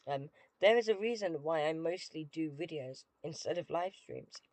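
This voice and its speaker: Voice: medium pitch, expressive, moderate pace, darkish tone, no room sound. Dry, wry British streamer. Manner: dry, self-deprecating, wry. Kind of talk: casual live-stream chat while playing a game.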